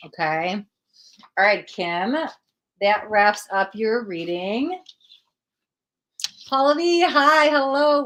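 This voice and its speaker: A woman's voice: medium pitch, a bit bright. A woman doing live tarot readings on a stream, talking in a chatty, informal way and thinking aloud. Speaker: tarot reader.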